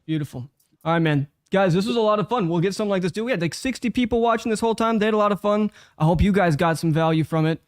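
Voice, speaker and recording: Guy hosting a sales practice stream, smooth crisp voice, kinda high, casual and a bit sweary, dry video call sound. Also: racing, no room sound. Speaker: host of a live sales practice session. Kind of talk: casual chat.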